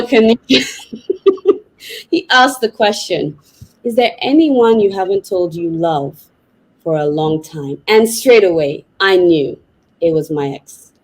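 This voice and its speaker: A woman psychotherapist, a podcast guest, telling a personal story in a lively, vivid way. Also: medium pitch, rough recording. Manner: animated, vivid retelling with laughs.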